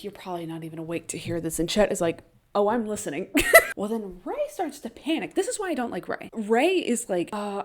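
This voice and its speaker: A woman casually recapping a TV series, animated, laughing often and acting out quoted lines. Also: medium pitch.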